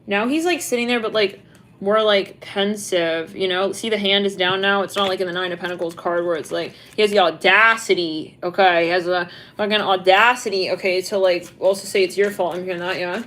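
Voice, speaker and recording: A woman's voice: medium pitch, a little fast, a bit bright, slight background noise. A young woman giving a casual tarot reading, rambling with constant "like" fillers and frequent giggles. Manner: giggly, rambling, heavy use of "like". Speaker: tarot reader.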